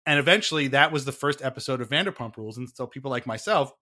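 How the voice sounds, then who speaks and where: A man's voice: medium pitch, expressive, quick pace, pushed and bright. A man co-hosting a podcast, explaining a reality show to his friend in a chatty, wry way, laughing at himself and often restarting his sentences. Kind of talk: casual podcast chat.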